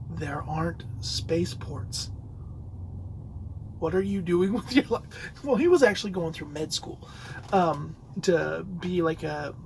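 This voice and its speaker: A man's voice: high-pitched, slight background noise, low-quality recording. A man hosting a solo podcast, telling a rambling story with many fillers and restarts. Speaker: podcast host. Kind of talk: casual solo podcast talk.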